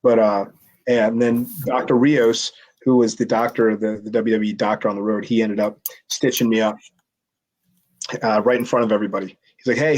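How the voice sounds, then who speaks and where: Rambling storyteller man, mid-pitch. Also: rough recording. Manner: rambling anecdotal storyteller, many restarts. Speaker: former pro wrestler, guest. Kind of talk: casual storytelling interview.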